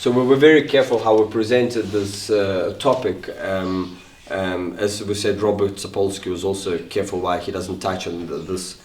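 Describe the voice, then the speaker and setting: A man's voice: low voice, steady tone, normal speed, darkish tone, a little hiss or hum. Man interpreting in an echoey room. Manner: hesitant, with many repeated words and fillers. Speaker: interpreter and co-presenter. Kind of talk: interpreting a seminar into English. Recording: echoey room, mic far off.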